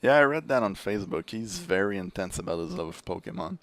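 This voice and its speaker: A young French-Canadian man talks in a casual podcast chat, his low voice gravelly with fry. He tells stories with a lot of swing in his pitch and laughs easily. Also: fast. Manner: animated storyteller, laughs easily. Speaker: podcast guest.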